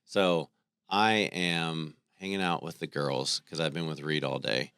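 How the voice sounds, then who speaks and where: A man in his thirties, a podcast co-host, telling stories about his family in a relaxed, conversational way. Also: rumbling low, unhurried, clear, resonant tone, no room sound, clean studio sound. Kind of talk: casual faith conversation.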